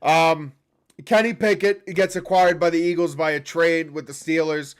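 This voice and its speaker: A man's voice: fairly high pitch, fairly even intonation, normal speed, clear, resonant tone. A young man hosting a casual sports chat, profane and heated, ranting in bursts. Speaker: podcast host.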